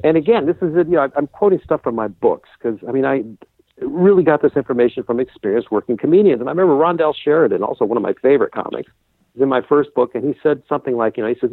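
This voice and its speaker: A man talking as a podcast guest and comedy coach, telling brisk stories and acting out what his students say. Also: medium pitch, lively intonation, no echo. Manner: brisk storyteller who acts out quoted students. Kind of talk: casual interview chat. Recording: tinny phone-like remote line.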